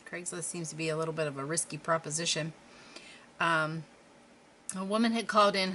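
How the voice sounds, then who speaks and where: A middle-aged woman talks in a low register. Her talk is chatty and rambling, with self-deprecating asides as she paints. A faint noise floor sits under her voice. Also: pushed and bright. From Western Pennsylvania. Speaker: craft vlogger. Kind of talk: casual chat while painting.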